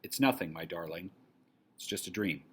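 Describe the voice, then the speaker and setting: A man reading aloud for a class, voicing a mother who soothes her frightened daughter in soft, hushed tones. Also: lowish voice, lively intonation, a little fast, slightly rough. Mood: soothing.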